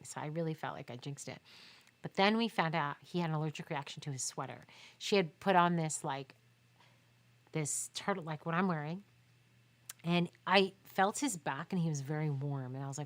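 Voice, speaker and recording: A woman's voice: lowish voice, brisk, fairly bright tone. A woman photographer answering questions in a casual live Q&A, telling stories emphatically and quoting people as she goes. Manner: emphatic, chatty storytelling with laughs and quoted dialogue. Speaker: newborn and baby photographer answering viewer questions.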